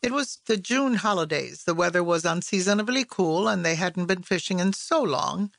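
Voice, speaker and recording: A woman narrating literary fiction as an audiobook, in a measured, even storytelling voice on a close mic. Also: fairly low pitch, creaky, no room sound.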